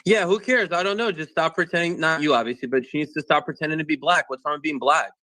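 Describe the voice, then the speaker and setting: A man's voice: a little high, quick pace, sharp tone, no room sound, low-quality recording. Agitated man in a dry, close recording. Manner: agitated, insistent, swears freely. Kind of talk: heated casual argument.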